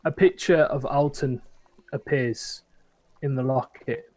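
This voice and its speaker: A man's voice: medium pitch, slow, a little mellow. A man playing a tabletop game, hesitantly describing what his character does. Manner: hesitant, lots of fillers. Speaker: player.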